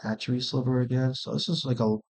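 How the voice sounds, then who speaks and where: A man's voice: medium pitch, fairly even intonation, fast talker, a little mellow. A man streaming a card game, thinking aloud in casual, profane commentary and often muttering to himself.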